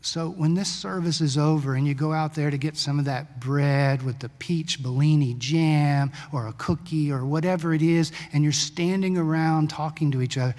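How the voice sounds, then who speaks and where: A male pastor preaching a sermon in a conversational storytelling way, sometimes brisk, sometimes slow and hushed. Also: fairly high pitch. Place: church sanctuary. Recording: long church-hall reverb.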